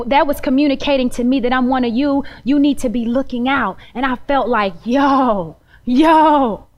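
A young adult woman preaching a conversational, storytelling sermon, talking straight to the congregation. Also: sits high. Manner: animated, conversational, addresses the congregation directly.

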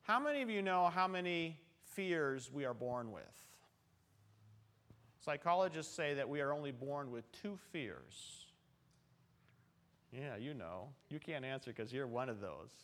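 A man preaching a relaxed, conversational sermon in a church, telling stories and talking straight to the congregation. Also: medium pitch, measured pace. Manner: chatty and storytelling, with asides to the congregation. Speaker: pastor. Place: church sanctuary.

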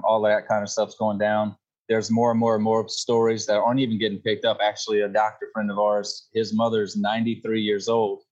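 A man's voice: on the low side, lo-fi sound. A man from Louisiana with a Cajun accent, a guest on a casual podcast, talking in a laid-back, matter-of-fact way. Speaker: podcast guest, company co-founder.

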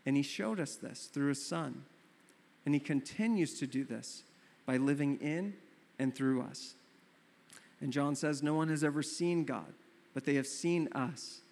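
A young adult man preaching a sermon as pastor, telling stories in an animated way and acting out his own surprise. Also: medium pitch, a little slow, vocal fry. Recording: long reverb of a hall.

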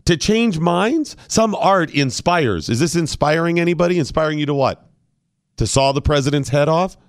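A man's voice: fairly high pitch, expressive, normal speed, no room sound, clean studio sound. A male radio host giving argumentative, opinionated commentary and firing off rhetorical questions.

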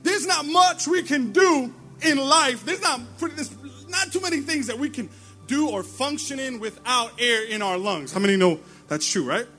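High-voiced pastor preaching with animated stories. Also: male voice, moderate pace, soft background music. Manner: animated storytelling, laughing at himself. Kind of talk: sermon.

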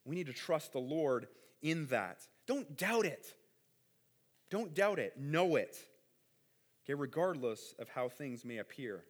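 A man preaching a sermon as a pastor, earnest and conversational, often repeating words and adding quick asides. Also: on the high side, very animated.

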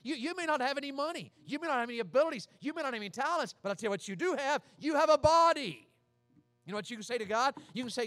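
A man's voice: sits high, fast talker, fairly bright tone, no room sound, clean studio sound. A middle-aged man from Tennessee, preaching a folksy sermon and calling out questions to his congregation. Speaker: pastor.

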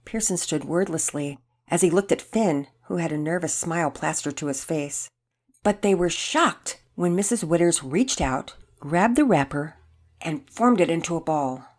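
A woman host announcing contest winners and reading a children's story aloud clearly. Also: sits low, moderate pace. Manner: clear and animated.

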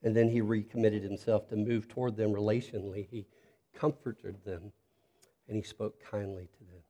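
A man delivering a sermon from the pulpit in a lowish, mellow voice. He talks earnestly through the text, then softens almost to a hush when he turns to his listeners. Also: fairly even intonation, moderate pace. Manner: earnest, drops to soft intimate tone when appealing to listeners. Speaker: pastor.

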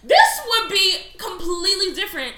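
A young woman co-hosting a casual podcast, loud and laughing, swearing freely. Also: very high voice, very animated, moderate pace, reverberant. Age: young adult. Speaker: podcast co-host. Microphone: laptop setup in a room.

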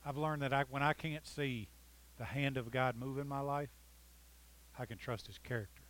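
A man preaching a sermon, reading scripture with dramatic emphasis and joking with his congregation. He swings between loud, pleading lines and soft, intimate ones. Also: mid-range voice, steady tone, normal speed, low-quality recording. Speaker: pastor.

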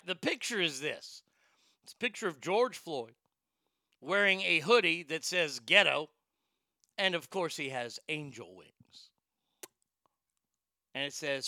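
A man's voice: on the high side, expressive, unhurried, pauses often, bright, forceful tone, no room sound, clean studio sound. A man hosting a talk show in casual chat, blunt and profane, rambling with frequent restarts. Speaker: podcast host.

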